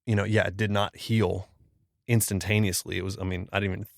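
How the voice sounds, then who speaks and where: Gravelly low-voiced man telling a story. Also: little pitch movement, a little fast, no room sound, studio quality. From Florida. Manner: casual, slangy storyteller who acts out quoted speech. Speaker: pastor. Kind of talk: personal storytelling in a podcast interview.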